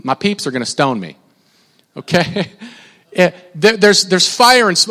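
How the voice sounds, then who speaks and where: A young man with a high voice preaches a casual sermon in an animated, rambling way, often restarting and interrupting himself. His voice rings out with a long reverb, as if he is in a large hall. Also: normal speed. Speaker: pastor.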